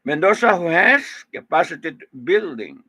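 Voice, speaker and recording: A man with a Filipino accent reads local news in a casual style, often pausing on "okay" and "no". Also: fairly high pitch, big pitch swings, bright, forceful tone, no room sound, poor audio. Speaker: news presenter.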